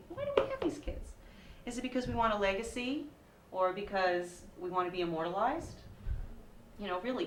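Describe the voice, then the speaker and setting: Stand-up comedian, woman, 40s, animated and mocking; slightly high voice, recorded at a distance in an echoey room. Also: a little hiss or hum. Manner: animated, mocking sing-song voices for her kids.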